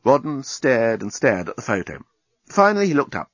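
A man narrating a storybook with a lively, expressive reading. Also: mid-range voice, normal speed, breathy edge, no echo. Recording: dull lo-fi recording.

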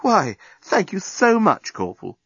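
A man voicing an excitable, quick-tempered young woman in a storybook reading, with high, eager exclamations. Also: husky, dry recording, full character voice. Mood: excited. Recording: dull lo-fi recording.

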